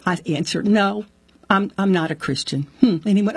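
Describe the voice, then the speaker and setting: A woman telling the story of her conversion in conversation. She acts out what people said with sudden jumps in pitch and laughs often. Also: a little fast, slightly rough, no echo. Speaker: guest sharing her faith testimony.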